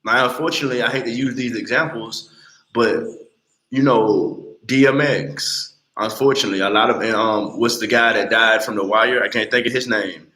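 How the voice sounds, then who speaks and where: A man in his late twenties talking bluntly and with lots of swearing on a casual livestream, telling animated stories. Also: mid-range voice, normal speed, roomy sound, poor audio. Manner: blunt, profane, animated storytelling. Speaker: livestream host.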